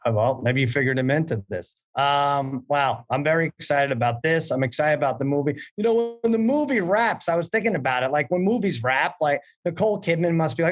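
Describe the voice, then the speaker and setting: A male host with a slightly high voice, joking around with his guest. He tells stories playfully and lively, with a teasing edge. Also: brisk, few pauses. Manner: playful, joking, animated storytelling. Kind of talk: casual interview chat.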